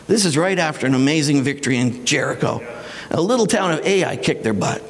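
A man preaching a sermon, animated and dramatic, acting out quotes and shouting at times. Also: a little high, brisk, big-room sound. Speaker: pastor.

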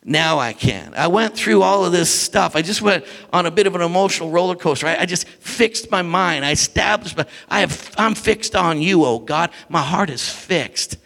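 High gravelly preacher in a reverberant hall. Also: male voice, normal speed, few pauses. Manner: dynamic preaching, rising to shouts when reading scripture. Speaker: pastor. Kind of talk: sermon. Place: church sanctuary.

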